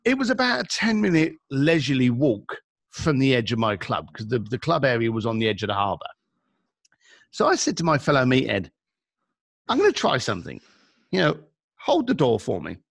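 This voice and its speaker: A man's voice: medium pitch, big pitch swings, fairly quick, creaky, no echo, studio quality. A middle-aged man with a London accent, telling a story as a podcast guest and acting out the dialogue. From England.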